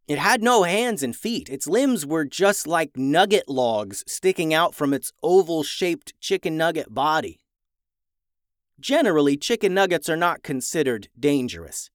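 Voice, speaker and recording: Animated man narrating a children's story. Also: on the high side, a little slow, no room sound, studio quality. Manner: animated, dramatic rises in tension.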